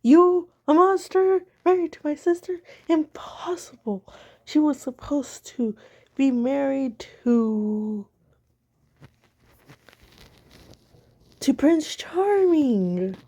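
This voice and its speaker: A woman's voice: animated, takes it slowly, darkish tone, exaggerated voice. A woman voicing a horrified, indignant young man in a casual story retelling. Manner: shocked, high-pitched outburst.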